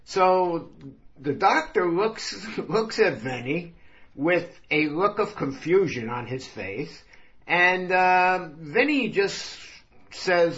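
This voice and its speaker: A man telling a story in a slow, easygoing yarn-spinning way. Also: high-pitched, animated, a bit bright, dull audio.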